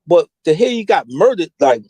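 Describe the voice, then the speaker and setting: A man's voice: a little high, normal speed, slightly rough, dry recording, rough recording. A middle-aged man, telling street stories candidly and with lots of slang as an interview guest. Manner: animated, slangy, mimics voices when quoting.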